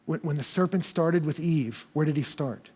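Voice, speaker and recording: Male pastor preaching, high husky voice, candid and lively storytelling. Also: normal speed. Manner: animated, candid storytelling with self-deprecating humor. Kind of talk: sermon. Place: church service.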